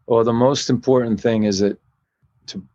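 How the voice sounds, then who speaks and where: A man's voice: mid-range voice, fairly even intonation, normal speed, a little mellow, no room sound. A middle-aged man answers interview questions in a rambling way, often breaking off and starting again. His voice sits in a middle range, and the audio sounds muffled and dry, like a remote call. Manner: rambling, many restarts. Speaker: actor, interview guest.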